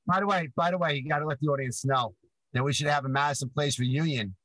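A man's voice: a little high, fast talker, a bit bright, dry recording, rough recording. Teasing man talking from his car. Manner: teasing, rambling. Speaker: podcast co-host. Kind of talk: casual chat.

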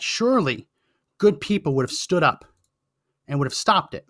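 A man's voice: a little high, lively intonation, moderate pace, long pauses, fairly bright tone, dry recording, studio quality. A man hosting a political commentary show, talking in an impassioned, emphatic way and repeating phrases for effect. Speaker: podcast host.

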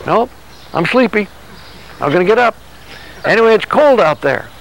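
A man's voice: high voice, animated, normal speed, gravelly, a bit bright, pitched above the performer's own voice, exaggerated voice, low-quality recording. A man voicing his own stubborn sleepy body. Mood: sulky. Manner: sulky, grumbling refusals.

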